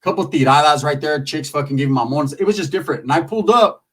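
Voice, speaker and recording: A man's voice: a little high, fast talker, far from the mic. A man telling a profane, comedic street story in loose slang, acting out the people in it. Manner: loose street slang, animated with lots of acted quotes.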